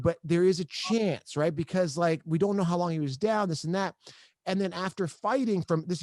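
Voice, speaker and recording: Higher-voiced man, emotional and halting. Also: darkish tone, no echo. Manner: halting, repeats words, emphatic. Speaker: podcast host. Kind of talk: emotional interview storytelling.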